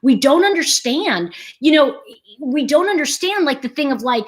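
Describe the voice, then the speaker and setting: A woman talks in a casual, explanatory way, with a fairly high voice that swoops up and down. She keeps the talk animated by acting out everyday scenarios as she explains them. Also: normal speed. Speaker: host.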